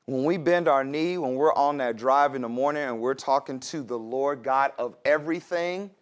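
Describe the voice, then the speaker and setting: A man's voice: medium pitch, normal speed. A man preaching a sermon in a conversational way, with laughs and asides to the congregation. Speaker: pastor.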